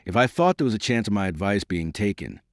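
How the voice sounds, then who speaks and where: A man voicing a calm, dignified male conspirator who speaks slowly and quietly, in an audiobook. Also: on the low side, no echo, clean studio sound. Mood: calm, measured.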